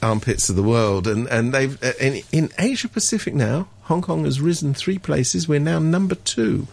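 A man's voice: a little high, expressive, moderate pace, gravelly, slightly rough. A man giving blunt, sardonic opinions as a regular commentator on a radio talk show.

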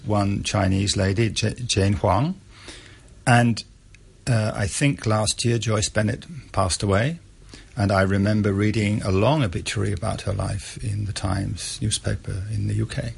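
A man giving measured radio interview answers, pausing often with fillers. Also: fairly low pitch, steady tone, creaky, slightly rough. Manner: measured, with many pauses and uh fillers. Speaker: author interviewed about a historical figure.

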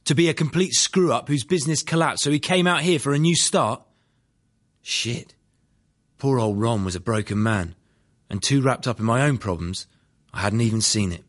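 A man's voice: mid-range voice, moderate pace. A man narrating his own life story in a dry, plain-spoken first-person audiobook reading. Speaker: memoir narrator.

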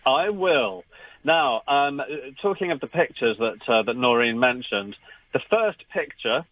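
A man's voice: mid-range voice, animated, a little slow. A man appearing as a regular radio guest, telling a story with many restarts. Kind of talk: radio chat. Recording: dry, dull remote line.

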